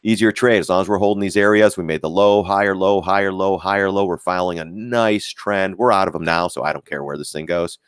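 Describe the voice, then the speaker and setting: A man's voice: deep voice, fairly quick, few pauses, clean tone, no echo, studio quality. A man giving blunt, profane live-stream commentary on stock charts and talking to viewers as guys. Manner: lively, mocks critics in put-on voices.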